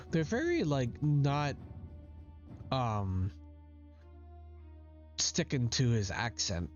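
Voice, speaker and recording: A man's voice: medium pitch, huge pitch swings, very slow, pauses often. A man playing a video game who reads the dialogue aloud and nitpicks it in casual commentary. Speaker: gamer. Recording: dull lo-fi recording with faint game music.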